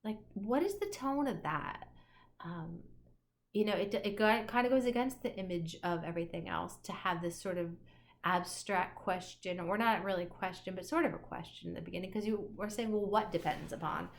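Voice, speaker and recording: A woman's voice: mid-range voice, normal speed, vocal fry, a little hiss or hum. Chatty woman teacher musing aloud. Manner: enthusiastic, musing, many fillers. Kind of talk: recorded lecture for an online class.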